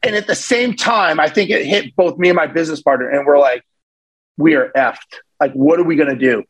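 A man guest on a podcast, telling a story in a casual, animated way and acting out the voices of the people in it. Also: a little high, a little fast, husky, low-quality recording. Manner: animated, acts out voices in his stories. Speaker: podcast guest, real estate investor.

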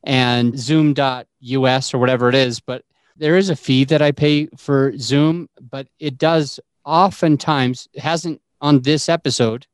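A man hosts a podcast over a remote call, chatting casually and laughing often as he explains his recording gear. His medium-pitched voice has fairly even intonation and a measured pace, and there's no echo.

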